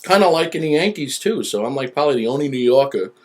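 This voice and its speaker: A man with a New York accent hosting an internet radio interview, talking in a loose, rambling, halting way. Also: medium pitch, expressive. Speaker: radio show host. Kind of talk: casual interview chat. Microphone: internet radio studio mic.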